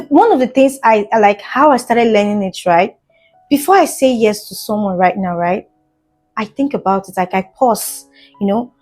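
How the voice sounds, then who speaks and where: A young woman vlogger speaks straight to her viewers in an earnest, emphatic way, often pausing to ask if they understand. Her voice sits a little high, and faint music plays underneath. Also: darkish tone. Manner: earnest, emphatic, keeps asking "do you understand?"; fillers and restarts, gets emotional at times. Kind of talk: casual storytime monologue to camera.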